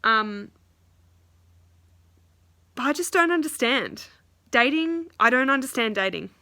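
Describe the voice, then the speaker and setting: A woman's voice: high-pitched, expressive, slow, sharp tone, dry recording, clean studio sound. A young woman venting about dating in a casual vlog, swearing freely and quoting others. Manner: frustrated, swears often, quotes others in voices. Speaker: vlogger.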